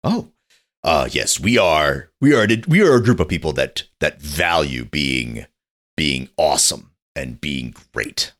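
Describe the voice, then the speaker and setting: Man doing a deep hammy alien announcer. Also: sing-song, measured pace, a bit bright, full character voice. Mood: hammy welcoming. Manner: overly polite, hammy announcer delivery. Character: friendly male alien greeter in announcer voice.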